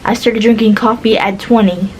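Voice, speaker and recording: A woman's voice: fairly high pitch, steady tone, moderate pace, darkish tone, slight background noise, poor audio. A woman in her twenties rambling casually to the camera from her bed at home, chatty and meandering with lots of fillers. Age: 20s. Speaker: vlogger. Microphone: camera or phone.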